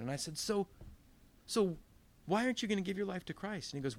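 A man's voice: fairly high pitch, expressive, a little fast. A man preaching a sermon as pastor, telling stories with quoted voices and emphatic rises. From Northern California.

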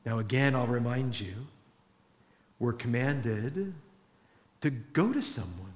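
Male pastor preaching a lively sermon, mid-pitched, echoey hall sound. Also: takes it slowly. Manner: animated preaching, acts out prayers in voices. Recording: roomy echo.

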